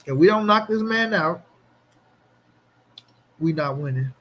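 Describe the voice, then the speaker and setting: Animated slangy man hosting a live stream. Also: a little high, unhurried. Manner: animated, slangy, talks back to chat. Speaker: boxing commentary channel host. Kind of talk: casual livestream chat.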